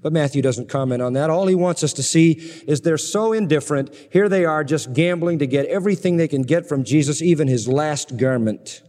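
A man preaching an expository sermon, emphatic, with dramatic swings in pitch and pace. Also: brisk, few pauses, dark tone. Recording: long reverb of a large hall.

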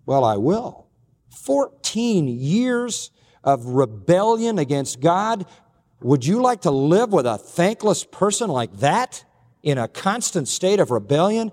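A man preaching a sermon with earnest, emphatic delivery. His voice sits a bit high for a man, and he lays out his points in slow, deliberate lists. The sound carries a long reverb, as from a large hall. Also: sing-song, darkish tone. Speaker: pastor.

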